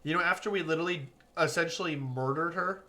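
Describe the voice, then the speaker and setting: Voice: mid-range voice, fast, pushed and bright. A streamer giving live, profane, joking commentary while playing a visual novel.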